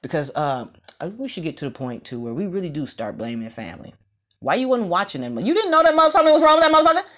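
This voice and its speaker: A woman, ranting bluntly and profanely in an animated, opinionated monologue. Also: on the low side, quick pace.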